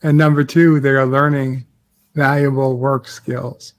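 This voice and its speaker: A man in a casual live-stream chat, deadpan and joking with a mock-sinister edge. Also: medium pitch, a little slow, no echo.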